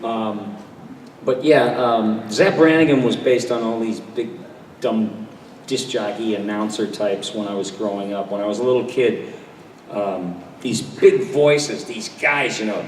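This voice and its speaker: An older man, a voice actor on a convention panel, telling animated anecdotes and slipping into quoted voices. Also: medium pitch, normal speed, a crowd in the background. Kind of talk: storytelling at a fan panel. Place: large convention hall. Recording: echoey convention hall mic from a distance.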